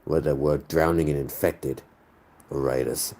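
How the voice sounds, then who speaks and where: A man voicing a gruff male squad leader with a put-on British accent, speaking in a clipped, commanding way. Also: rumbling low, fairly even intonation, measured pace, warm tone, a little hiss or hum. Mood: determined.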